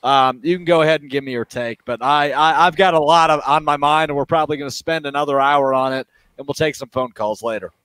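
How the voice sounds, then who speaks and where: A man hosting a post-game sports talk show, talking quickly with lots of fillers and getting worked up. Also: a little high, clear, resonant tone, no echo. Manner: fast, excited, many fillers. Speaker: show host.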